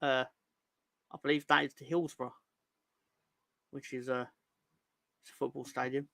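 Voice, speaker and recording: A mid-range man's voice, steady, creaky, pushed and bright, comes at normal speed on a dry recording. He's hosting a football fan livestream chat, rambling and joking, tripping over words and restarting, and doing silly voices for viewer comments.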